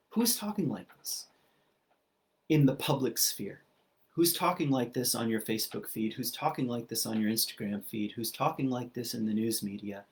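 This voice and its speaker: Male speaker, low register, reflective halting sermon delivery. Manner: thoughtful, many ums and restarts, repeats phrases. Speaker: speaker at a spiritual community.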